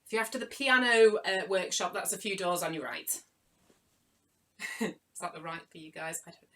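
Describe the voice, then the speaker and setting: A young woman, a children's author, leading a live online writing workshop for young children, playful and animated, greeting viewers by name with frequent gasps. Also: on the low side, moderate pace.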